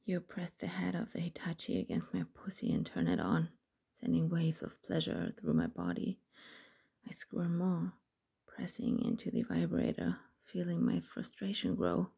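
A young adult woman telling an intimate first-person story in whispered role-play, slow and breathy. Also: on the low side, big pitch swings, mellow.

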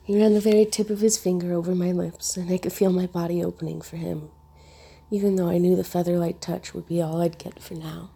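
A woman reads a first-person story in a hushed, intimate delivery. Her voice has a heavy gravelly fry and a husky, breathy edge. The tone is dark and mellow. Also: on the low side, flat delivery, fairly quick. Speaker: narrator.

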